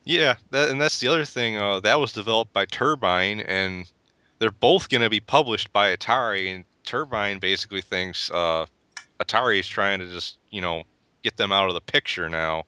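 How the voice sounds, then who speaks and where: A man's voice: lowish voice, moderate pace, pushed and bright, clean tone, no echo. A young man co-hosting a casual gaming podcast, opinionated and rambling with restarts. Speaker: podcast co-host.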